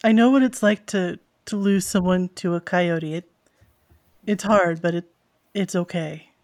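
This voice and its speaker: A woman narrating as game master of a tabletop role-playing game with a dry, deadpan delivery. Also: lowish voice, a little slow.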